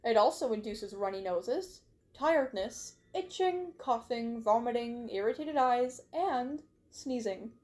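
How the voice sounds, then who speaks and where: A woman reading the lines of a calm, knowledgeable male wolf trainer in her own voice, in a light explanatory way. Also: a little high, a little slow, few pauses. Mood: explaining.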